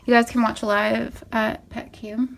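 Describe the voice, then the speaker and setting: A woman's voice: fairly high pitch, little pitch movement, unhurried, gravelly, fairly bright tone, slight background noise. A young woman at home, chatting to her cats in sweet baby talk and explaining things to her viewers as she tidies their bed. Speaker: pet vlogger. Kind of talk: casual narration while handling kittens. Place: at home beside a cat bed.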